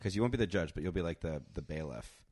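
A young man with a very low voice that swings all over its range, riffing in a loose comic way as a podcast guest. His voice sits close on a dry studio mic. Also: lively intonation, quick pace, a little mellow, slightly rough, no room sound. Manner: joking, riffing with playful bits and voices. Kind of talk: casual comedic chat.

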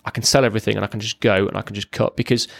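A man's voice: fairly low pitch, fairly even intonation, rapid-fire, creaky, fairly bright tone, no room sound. A man, a military veteran, giving a raw, blunt personal account as a podcast guest, swearing freely and often restarting his sentences.

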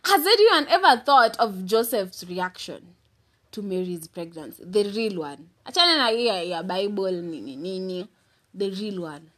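A woman's voice: mid-range voice, expressive, moderate pace. A young woman with a Kenyan accent telling a dramatic storytime monologue, mixing in Swahili slang and laughing often. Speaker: vlogger.

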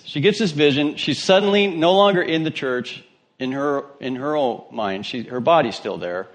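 A man preaching a sermon in a church, telling stories in a conversational way and joking with his congregation. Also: on the high side. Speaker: pastor.

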